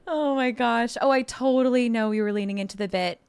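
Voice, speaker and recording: A woman's voice: fairly high pitch, moderate pace, darkish tone, clean tone. A woman streamer chatting casually with her viewers in a bubbly, effusive, giggly way. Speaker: livestreamer. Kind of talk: casual livestream chat with viewers.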